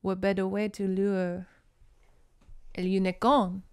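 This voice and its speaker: A woman voicing a menacing, seductive male army major, low and breathy. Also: flat delivery, slow, darkish tone, lightly acted.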